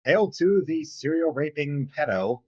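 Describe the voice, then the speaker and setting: A man's voice: fairly high pitch, expressive, measured pace, darkish tone, dull audio. A man hosting a live stream, giving blunt, sardonic commentary. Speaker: streamer host.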